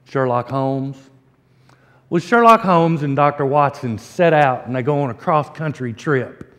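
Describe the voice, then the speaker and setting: Slow-preaching pastor in a reverberant church. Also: male voice, mid-range voice, fairly bright tone. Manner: folksy storytelling, slow emphatic preaching. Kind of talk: sermon. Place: church sanctuary.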